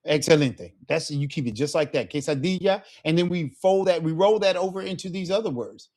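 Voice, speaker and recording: A man's voice: fairly high pitch, brisk, a little mellow. A man teaching a live Spanish lesson, encouraging his student and checking in with frequent questions.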